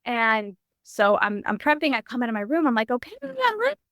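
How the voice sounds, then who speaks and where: A young adult woman sharing a personal story in a podcast interview, animated and full of "like" and restarts. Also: on the high side, brisk, smooth, no room sound. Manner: animated, heavy use of "like", frequent restarts. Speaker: podcast guest.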